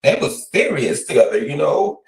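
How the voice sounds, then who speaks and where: A man rambles in a laid-back way as a guest on a casual live stream. His voice sits a little high and sounds far from the mic in an echoey room. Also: very animated, normal speed.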